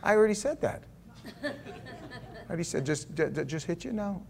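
A middle-aged man preaching a sermon, reading scripture aloud and breaking off into animated, conversational asides and jokes. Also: sits high, fairly quick, gravelly. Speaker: pastor.

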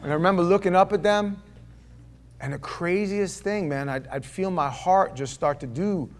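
A man preaching a sermon to a congregation, telling stories and then reading scripture aloud, swinging between loud declaiming and hushed asides. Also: high-pitched, moderate pace. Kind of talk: sermon with personal storytelling. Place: church before a live congregation.

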